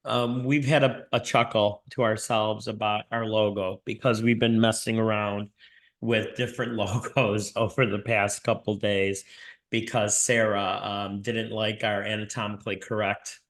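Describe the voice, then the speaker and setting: A man's voice: fairly low pitch, little pitch movement, measured pace, fairly bright tone. Goofy rambling podcast co-host man. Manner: goofy, self-mocking, rambling. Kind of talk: casual chat. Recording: roomy echo.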